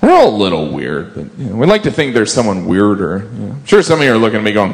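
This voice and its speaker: A man's voice: on the low side, big pitch swings, fast, vocal fry. A man doing an observational stand-up set on stage, chatting with asides to a live audience. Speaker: stand-up comedian. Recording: live show with audience laughter.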